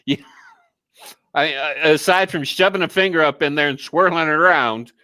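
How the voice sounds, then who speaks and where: A man's voice: fairly high pitch, moderate pace, bright, forceful tone, no room sound. A man co-hosting a call-in show in casual chat, blunt and profane, often joking. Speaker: co-host.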